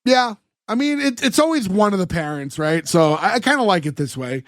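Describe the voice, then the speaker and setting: Podcast host, male, high voice, dry close sound, lively recap style. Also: a little fast, dry recording. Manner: animated plot recapping with acted quotes. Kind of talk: casual chat.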